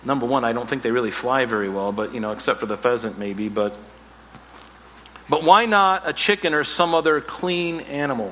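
A male pastor preaching a sermon, animated, with playful asides and self-mocking humor. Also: mid-range voice, a little fast, in a large hall, a little hiss or hum.

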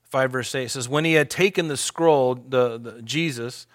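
A man preaching a sermon in an earnest, conversational way, slowing and lifting his voice when reading scripture aloud. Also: medium pitch. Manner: conversational asides to the congregation. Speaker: pastor.

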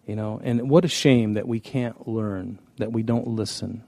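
A man's voice: on the low side, measured pace, gravelly, dark tone, no room sound. A man preaching a conversational sermon, telling stories in a folksy way with frequent restarts. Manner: folksy, storytelling, many restarts. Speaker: pastor.

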